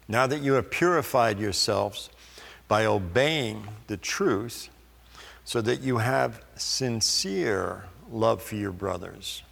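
A male preacher with a gravelly voice delivers a sermon at a very slow, measured pace. He reads scripture with careful pauses, and his voice rings with long reverb. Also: fairly low pitch, fairly bright tone.

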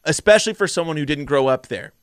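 A man's voice: a little high, lively intonation, quick pace, smooth, no room sound, studio quality. A young man co-hosting a casual film podcast, giving blunt, opinionated rankings. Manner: opinionated, ranks things with blunt verdicts. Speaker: podcast co-host.

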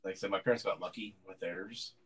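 A man's voice: low-pitched, fairly even intonation, quick pace, slightly rough, rough recording. A man in casual podcast chat, rambling through an anecdote with lots of fillers and restarts. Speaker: podcast co-host.

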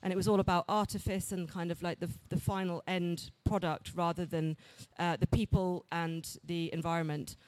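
A woman speaking on a panel, thoughtful and halting, with many fillers. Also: lowish voice, level tone, a little mellow. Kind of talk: panel talk.

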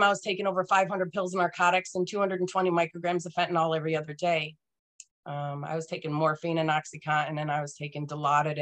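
A woman's voice: lowish voice, fairly bright tone. A woman speaking as a podcast guest, telling her personal story in a frank, earnest and emphatic way.

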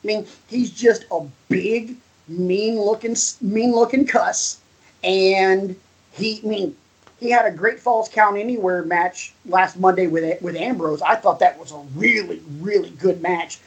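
Man, podcast co-host, excitable, breathy, high for a man. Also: measured pace, poor audio. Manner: excitable, animated, swears casually. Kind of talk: casual wrestling chat.

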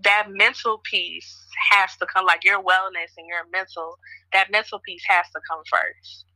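A woman's voice: medium pitch, steady tone, a little slow, pushed and bright, no room sound, poor audio. A woman hosting a podcast from Chicago, chatting casually and telling stories with lots of fillers. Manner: chatty, storytelling, frequent fillers. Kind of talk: casual conversation.

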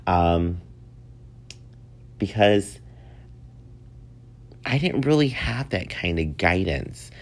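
Deep voiced guy in his 30s doing a chatty solo podcast, laughs a lot. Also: very slow, long pauses. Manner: chatty, animated, laughs often. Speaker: podcast host. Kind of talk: casual solo podcast talk.

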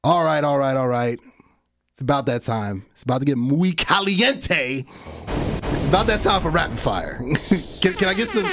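A man's voice: fairly high pitch, animated, moderate pace, music in the background. A man hosting a casual podcast chat who laughs often and hypes things up playfully. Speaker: podcast host.

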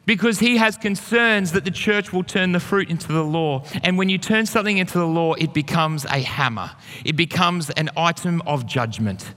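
Bright high-voiced pastor preaching. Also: male voice, moderate pace, hardly any pauses. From Australia. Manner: storytelling, earnest and encouraging. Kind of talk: sermon. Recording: long hall reverb.

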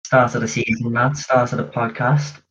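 A man's voice: medium pitch, little pitch movement, normal speed, fairly bright tone, a little hiss or hum. A man co-hosting a podcast, chatting in an easygoing way and planning aloud. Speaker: podcast co-host. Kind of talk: casual chat. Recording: dull lo-fi audio.

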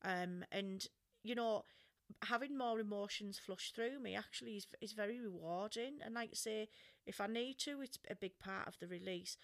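A woman's voice: medium pitch, gravelly. A middle-aged woman with an English accent, giving casual self-help advice in a frank, chatty way full of fillers and the odd swear word.

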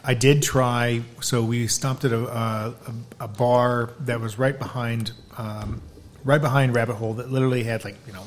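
A man telling a story in casual conversation, animated and acting out what other people said. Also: mid-range voice, normal speed, slight background noise. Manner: animated storyteller, acts out quoted voices. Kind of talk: casual chat.

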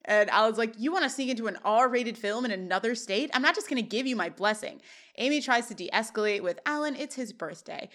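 Speaking briskly in a fairly high voice, this female podcast co-host walks casually through a TV episode one scene at a time. She narrates with energy and frequent laughter.

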